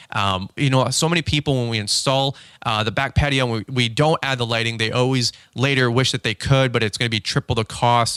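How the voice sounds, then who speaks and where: A man hosting a podcast, giving casual coaching talk, animated, acting out little dialogues with big pitch swings and often repeating and restarting his words. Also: brisk, few pauses, clean tone, no room sound. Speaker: podcast host.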